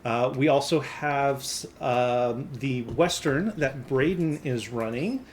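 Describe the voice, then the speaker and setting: A man's voice: mid-range voice, slow, a little hiss or hum. A man hosting a tabletop game stream, giving loose, rambling announcements full of fillers and restarts. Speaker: game master and host.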